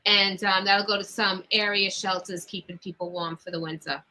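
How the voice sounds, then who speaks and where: A woman's voice: medium pitch, fairly even intonation, moderate pace, bright, forceful tone, low-quality recording. A woman with a Long Island accent, announcing a coat drive and teasing the host in a brash way.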